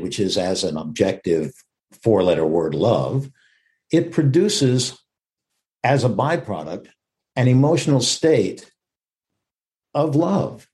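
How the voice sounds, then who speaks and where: Gravelly older man musing on his craft. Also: medium pitch, darkish tone. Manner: reflective, emphatic, acts out quoted lines. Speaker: actor and interview guest. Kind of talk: conversational interview.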